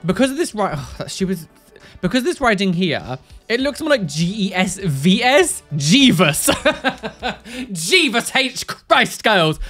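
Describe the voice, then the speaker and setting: A young woman hosting a reaction video, with casual, sarcastic commentary full of exclamations. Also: lowish voice. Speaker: tattoo reaction video host.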